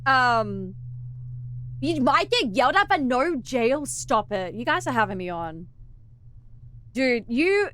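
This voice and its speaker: An Australian woman chatting through a game stream with a bright, ringing tone. Her pitch sits a little high and swings widely as she jokes with her viewers. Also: slow, pauses often, slight background noise. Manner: animated and joking, laughs often. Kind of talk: casual gameplay chat.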